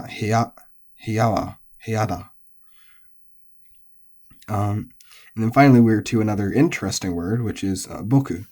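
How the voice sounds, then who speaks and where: Man, language teacher, mellow, unhurried, um-filled explanations. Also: on the low side. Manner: relaxed, explains step by step with many ums and uhs. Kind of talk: recorded pitch-accent lesson.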